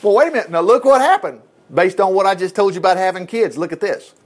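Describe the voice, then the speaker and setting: A middle-aged man preaching a sermon as pastor, telling stories in a folksy, animated way with chuckled asides. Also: sits high, fast.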